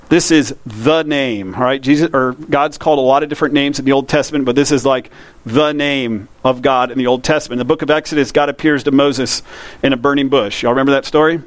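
A man, a pastor preaching a conversational sermon that slows down to read scripture. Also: medium pitch, no room sound.

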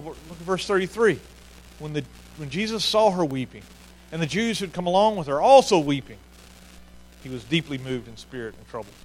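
Earnest preacher, slightly high voice. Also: male voice, low-quality recording. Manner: earnest, repeats key phrases for emphasis. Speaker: pastor. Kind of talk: sermon.

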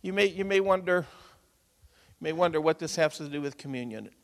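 A man's voice: a little high, fairly quick. Man preaching a sermon in an echoing church. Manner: builds from quiet storytelling to loud urgent preaching. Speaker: pastor. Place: church sanctuary. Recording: long hall reverb.

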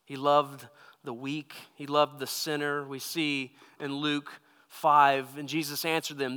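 A man's voice: medium pitch, level tone, unhurried, pushed and bright, clear, resonant tone, big-room sound. A man preaching a sermon to a congregation, talking in a conversational way with asides to the listeners. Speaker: pastor.

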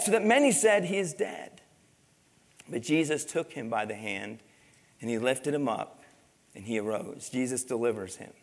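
A man with a high voice preaches to his congregation, reading scripture aloud and pausing to put questions to the listeners. His intensity swells and drops as he goes. The sound rings with the long reverb of a church hall. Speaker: pastor. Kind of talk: sermon. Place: church sanctuary.

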